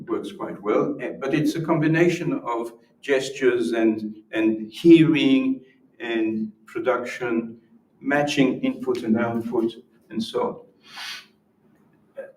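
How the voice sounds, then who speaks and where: Far-off, echoing audio captures a man lecturing at a symposium in a medium-pitched, slightly mellow voice. He demonstrates and explains patiently, often starting his words over.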